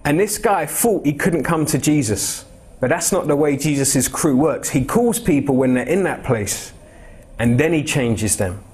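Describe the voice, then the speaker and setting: A man's voice: a little high, expressive, measured pace, darkish tone. A young man preaching an expository sermon in a church, talking to the congregation in a conversational, direct way and putting questions to them. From England. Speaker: pastor.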